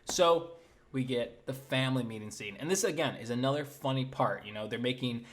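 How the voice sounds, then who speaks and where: A young comedy commentator with a mid-range voice speaks briskly over a noisy background. His movie recap is sarcastic, casual and rambling, packed with fillers and mocking character impressions.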